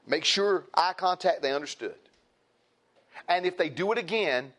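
A man's voice: fairly high pitch, lively intonation, measured pace, fairly bright tone. A middle-aged man preaching a sermon as pastor, folksy and emphatic, with rising outbursts.

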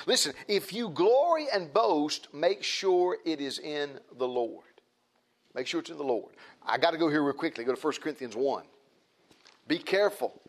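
A man preaching a sermon, emphatic and repetitive, often restarting his phrases. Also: a little high.

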